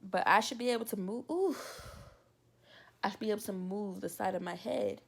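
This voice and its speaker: A woman's voice: mid-range voice, moderate pace, gravelly, slightly rough. A young woman telling a casual, exasperated storytime in a vlog. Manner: animated, exasperated and talkative. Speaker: vlogger.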